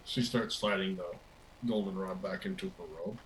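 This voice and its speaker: A man's voice: low-pitched, fairly even intonation, moderate pace, very noisy. A man narrating a tabletop role-playing game as its game master. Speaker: dungeon master.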